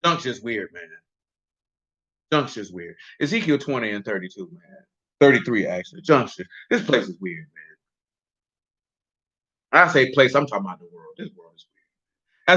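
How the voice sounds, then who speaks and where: Animated preacher man, lo-fi sound. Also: medium pitch, normal speed, pauses often, husky. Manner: animated, jokey asides and rhetorical questions. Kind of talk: casual street-talk sermon. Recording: dull lo-fi recording.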